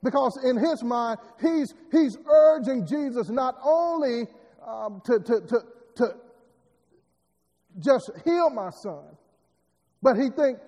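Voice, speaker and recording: A man's voice: very high-pitched, lively intonation, slow, warm tone. A man preaching a sermon, repeating words and building emphatic rising lines. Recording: long hall reverb.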